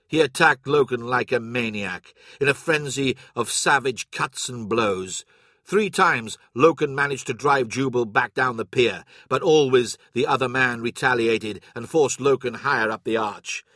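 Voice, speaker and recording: A man narrating a story, reading a script in a measured, steady manner. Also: mid-range voice, breathy edge, dry recording, studio quality. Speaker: audiobook narrator.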